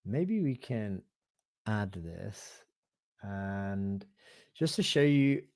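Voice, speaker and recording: A man presenting a live online software demo, thinking aloud in a relaxed, hesitant way with fillers and self-corrections. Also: fairly low pitch, drawn-out words, dry recording. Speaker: webinar presenter.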